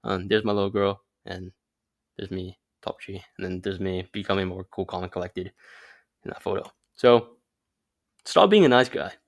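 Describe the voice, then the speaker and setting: A man's voice: deep voice, flat delivery, normal speed. A young man giving casual advice in a rambling monologue, swearing often and correcting himself mid-sentence. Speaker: vlogger giving dating advice.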